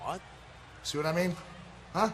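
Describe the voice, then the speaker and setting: A man doing a bright tough-talking mob wrestler. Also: a little high, normal speed, slight background noise, natural voice. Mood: brash. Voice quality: exaggerated Italian-American mob accent. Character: tough-talking Italian-American mobster wrestler, male adult.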